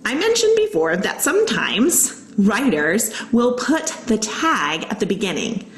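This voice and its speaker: Here a woman elementary school teacher, medium-pitched and very animated yet unhurried, walks young students through a writing lesson with patience. She reads example sentences aloud and explains each step. This recorded online lesson has low-quality, roomy sound with slight hiss or hum.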